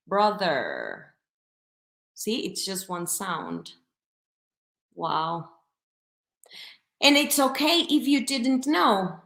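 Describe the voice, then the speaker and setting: A slow, demonstrative woman leads an online teacher training from her computer, carefully sounding out each speech sound. Her voice sits fairly high and bright. The webcam mic catches an echoey room around her. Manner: lively, demonstrative, sounds out phonemes. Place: home room, alone at computer.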